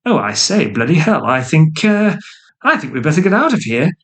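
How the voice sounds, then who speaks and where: A man's voice: fairly high pitch, very animated, normal speed, a bit bright, voice pushed up. A man putting on the voice of flustered, plummy British officers in a spoken history story. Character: flustered posh British officers, male, adult.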